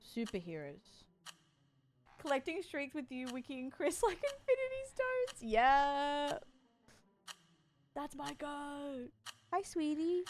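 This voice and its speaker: A woman's voice: high-pitched, wildly swooping pitch, slow, long pauses, a little hiss or hum. A tired woman streamer chatting casually with her live chat and cooing to her cat between remarks.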